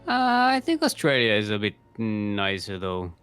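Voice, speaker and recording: A man's voice: fairly low pitch, wildly swooping pitch, measured pace, fairly bright tone, clear, resonant tone, soft background music. A man casting a live video game match, joking and often restarting his sentences. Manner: rambling, jokey, frequent restarts. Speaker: esports caster.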